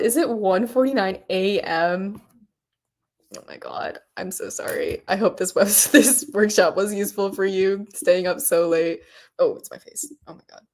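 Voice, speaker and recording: A woman's voice: lowish voice, steady tone, unhurried, a little mellow. A woman hosting a coding workshop on a livestream, chatting casually and gushing over what she sees with lots of giggles and "oh my God.". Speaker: workshop host.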